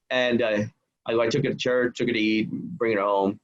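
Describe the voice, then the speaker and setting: A man guest on a podcast, telling a personal story in an animated way and acting out the voices of the people in it. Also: mid-range voice, brisk, lo-fi sound. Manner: acts out quoted voices.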